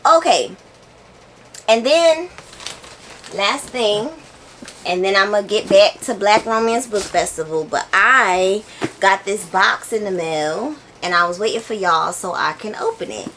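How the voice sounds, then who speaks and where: Slow-talking chatty woman book vlogger. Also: medium pitch, slight background noise. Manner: chatty, animated, breaks into laughs. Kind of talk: casual chat. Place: home, indoors.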